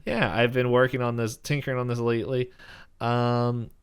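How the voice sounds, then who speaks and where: A man voicing a rambling old hillbilly inventor in a high, excitable, cracking voice. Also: normal speed, clean tone, close to an everyday voice.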